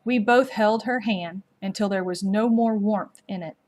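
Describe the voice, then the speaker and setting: Woman slowly reading a storybook aloud. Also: medium pitch, a little mellow. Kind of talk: storybook read-aloud narration.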